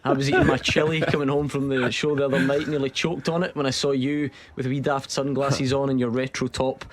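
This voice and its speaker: A man's voice: medium pitch, level tone, a little hiss or hum. A man hosting a sports radio show in a studio, chatty and teasing. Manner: chatty, teasing, quick laughs. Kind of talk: casual sports radio chat.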